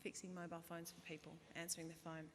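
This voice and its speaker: An Australian woman in her thirties giving a humorous, self-deprecating graduation speech, now and then bursting into loud put-on voices. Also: fairly low pitch, flat delivery, quick pace, slight background noise. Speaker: guest speaker. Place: large hall. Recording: reverberant hall, faint ambience.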